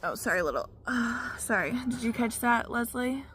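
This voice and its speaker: A woman's voice: on the high side, lively intonation, moderate pace, a bit bright, a little hiss or hum. A woman, telling her own story in a frank, profane vlog full of "you know" fillers. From Arkansas, US. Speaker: vlogger. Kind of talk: casual personal testimony.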